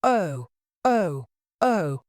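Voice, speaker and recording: A woman voicing a fussy, scatterbrained old queen who talks in a high, fluttery way and breaks into wailing cries. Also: very animated, extremely slow, a little mellow, no room sound, studio quality, full character voice.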